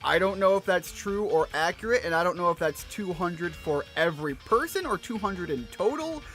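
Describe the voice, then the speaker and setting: A man's voice: sits high, animated, moderate pace, a bit bright, faint music behind. A man streaming a video game, chatting casually as he plays, rambling with fillers and self-deprecating asides. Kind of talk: let's-play commentary.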